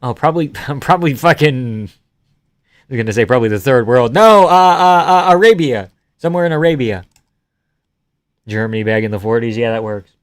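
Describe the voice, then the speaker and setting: A man's voice: mid-range voice, animated, a little fast, smooth, no echo, studio quality. A young man hosting a live stream, casually reading out viewer comments and joking crudely in an offhand way.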